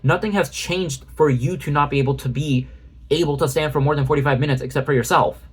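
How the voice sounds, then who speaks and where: A man's voice: a little high, steady tone, fast, breathy edge. A man doing a ranting commentary video, sarcastic and exasperated, with frequent swearing. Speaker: commentary YouTuber.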